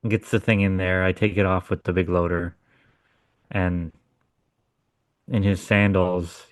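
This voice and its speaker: A man with a very low voice tells a story in casual podcast chat. He swears freely and talks bluntly. The recording is dry and close. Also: a bit bright, dry recording. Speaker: podcast co-host.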